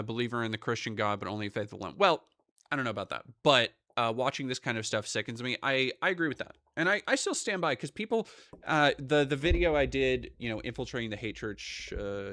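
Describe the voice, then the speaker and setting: A young man streams live, talking casually in a mid-range voice at a fairly quick clip. He swears a lot and wanders into rambling asides, sounding animated, and the recording is dry and studio quality.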